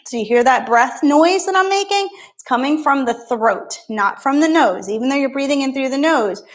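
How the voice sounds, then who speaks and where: A woman's voice: high voice, animated, normal speed. A woman yoga instructor talking a beginner class through poses and breathing, with encouraging, playful step-by-step cues.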